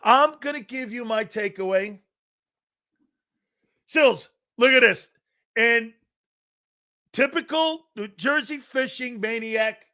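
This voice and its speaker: A man's voice: very high voice, sharp tone. A man hosting a live sports talk show, delivering blunt, profane, mocking opinions and predictions.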